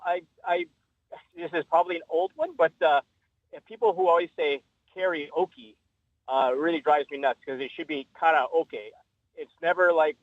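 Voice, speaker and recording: A man's voice: fairly high pitch, no room sound. A man calling in to a radio show, a little irritated and hesitant, over a phone line. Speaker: caller. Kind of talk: phone-in call. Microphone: telephone.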